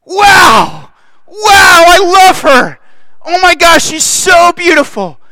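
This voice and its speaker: A man playing God, shouting with joy. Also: very high voice, sing-song, slow, creaky, slight background noise, pitched above the performer's own voice, full character voice, rough recording. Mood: ecstatic. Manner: shouting, gushing, repeating himself. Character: God as an overjoyed, doting male deity.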